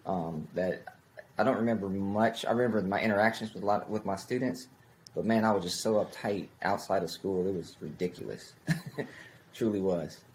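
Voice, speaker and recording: Man, low voice, punchy short phrases, faint background noise. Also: normal speed, a little mellow. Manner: emphatic short phrases, laughing easily. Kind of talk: casual interview talk.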